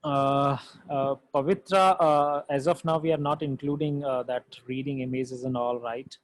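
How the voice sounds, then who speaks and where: A man with an Indian English accent teaching a live online coding class, reading out viewer comments, talking haltingly with many fillers and switching between English and Hindi. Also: medium pitch, steady tone, no room sound, low-quality recording.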